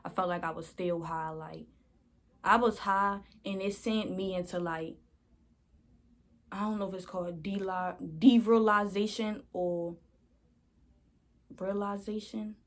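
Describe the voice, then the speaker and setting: A woman's voice: lowish voice, steady tone, a little slow. A young woman vlogger telling a storytime in a rambling, slangy way, often calling her viewers y'all. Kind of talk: casual storytime.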